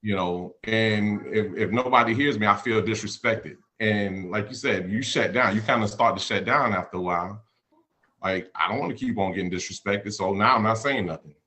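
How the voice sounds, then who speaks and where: Candid man with a bright, tense voice. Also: fairly low pitch, moderate pace. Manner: candid, repeats words as he thinks. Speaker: panel guest. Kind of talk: panel discussion.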